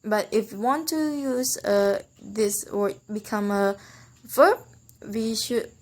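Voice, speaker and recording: A woman's voice: medium pitch, slow. A young woman, a student explaining English word stress rules, hesitant, with many fillers and restarts, repeating example words. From Indonesia. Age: young adult. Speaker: student presenter.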